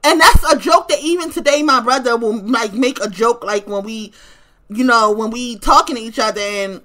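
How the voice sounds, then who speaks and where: A woman vents straight to camera in a casual vlog, her voice pitched high and ringing bright. She is blunt and profane, repeats her points for emphasis, and breaks into laughter often. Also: moderate pace. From West Baltimore, US. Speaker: vlogger.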